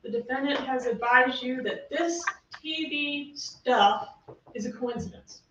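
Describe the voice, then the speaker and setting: A woman prosecutor argues her case to the jury in a fairly high voice, hammering her points home with one sharp rhetorical question after another. She sounds far from the microphone, in a roomy courtroom. The sound is muffled and carries a faint hiss. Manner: emphatic, rapid-fire rhetorical questions. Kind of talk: courtroom closing argument.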